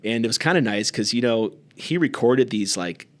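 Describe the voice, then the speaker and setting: A man co-hosting a podcast, telling stories in casual conversation and acting out quoted voices by raising his pitch. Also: normal speed. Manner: relaxed, acts out quoted voices with raised pitch. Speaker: podcast co-host.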